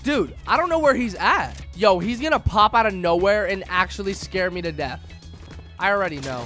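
Young guy yelling over his game, high voice, faint music behind, hyped and slangy. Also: expressive, moderate pace, pauses often. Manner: hyped, slangy, talks to opponents. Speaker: gaming YouTuber. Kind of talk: excited gameplay commentary.

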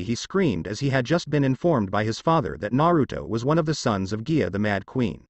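A man narrating an action fan fiction story in an expressive storytelling manner. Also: mid-range voice, a little fast, no room sound.

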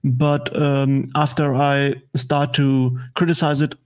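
A man with a German accent, a native German speaker, talking in English as an interview guest, halting with many fillers and restarts. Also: medium pitch, flat delivery, clear, resonant tone. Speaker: guest political commentator. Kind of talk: casual interview chat.

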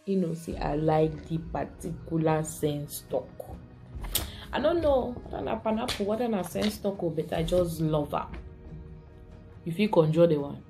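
A woman's voice: on the low side, lively intonation, measured pace, a little mellow, faint music behind. A woman from Cameroon with a Cameroonian Pidgin English accent, hosting a casual vlog and chatting to her viewers, laughing often and switching between pidgin and English. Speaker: vlog host.

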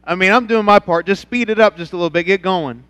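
A man's voice: high-pitched, fast talker, clean tone, dry recording. Fervent storytelling male pastor. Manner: storytelling, swings from quiet to loud and fervent. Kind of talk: sermon with personal story. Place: church.

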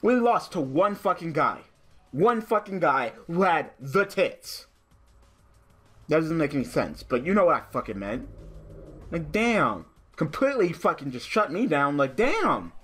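A man's voice: fairly high pitch, big pitch swings, measured pace, breathy edge, soft background music. A young man hosting a gaming channel, commenting live on a card game and ranting with heavy swearing when things go wrong. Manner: frustrated ranting, heavy swearing, rising to shouts.

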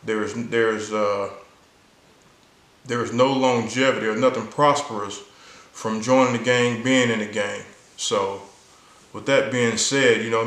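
A man of middle pitch tells a personal story straight to the listener, earnest and conversational. He slips into the voices of the people he quotes as he goes. His voice rings in an echoey room. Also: fairly bright tone. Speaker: vlogger sharing a personal story. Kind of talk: casual storytelling to camera.

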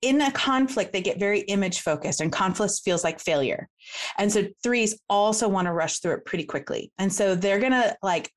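A woman guest coach talking casually in an interview, chatty, laughing often and acting out quick quoted examples. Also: medium pitch, animated. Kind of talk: casual explanatory interview talk.

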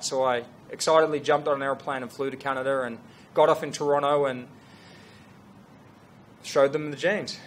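A middle-aged man, a fashion brand founder telling a story to an audience in an earnest, animated way with restarts. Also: on the high side, normal speed, a little hiss or hum. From Australia.

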